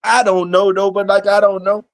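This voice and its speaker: A man's voice: high voice, little pitch movement, moderate pace, no room sound. A man hosting a casual solo livestream, talking loosely and profanely to his chat and reading comments aloud. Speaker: livestream host.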